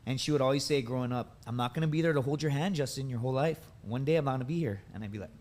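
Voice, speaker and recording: A man in his thirties, a podcast guest, telling animated personal stories in a casual way, often tagging on "dude" and "right?". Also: mid-range voice, very fast. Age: 30s. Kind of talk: casual storytelling.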